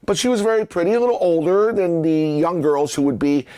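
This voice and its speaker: A middle-aged man casually telling rambling stories and acting out the lines people said in lively voices. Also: fairly high pitch, a little fast, smooth. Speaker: prop collector recounting memories. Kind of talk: casual storytelling.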